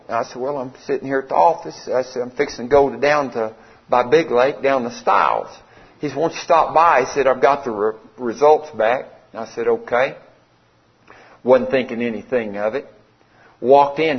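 A middle-aged man, preaching a sermon in a folksy, conversational way and acting out the dialogue of a story. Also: mid-range voice. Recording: slightly dull lo-fi sound.

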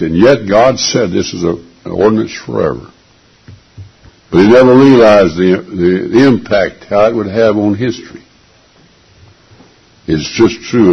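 A man preaching with a very deep, gravelly and raspy voice, slow and deliberate. He is earnest and emphatic, repeating key phrases for weight. The recording is dull and lo-fi. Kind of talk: sermon.

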